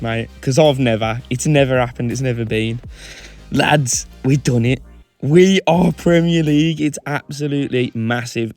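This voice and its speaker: A young man hosting a video game let's-play, excitable and given to loud celebratory shouts. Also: mid-range voice, roomy sound. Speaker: gaming channel host. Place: home room.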